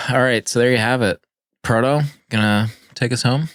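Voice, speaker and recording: A man's voice: mid-range voice, normal speed, a bit bright, no room sound, studio quality. A man hosting a podcast, talking casually about a film and wrapping up the episode. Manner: chatty, laughs often, wraps up the show. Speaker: podcast host.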